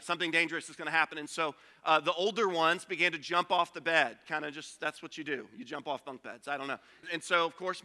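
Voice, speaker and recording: A man preaching in a church hall with a long reverb tail. His voice sits high and very bright. He tells stories in a loose, conversational way and acts out quoted lines. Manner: storytelling, conversational with acted quotes. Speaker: pastor. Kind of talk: sermon.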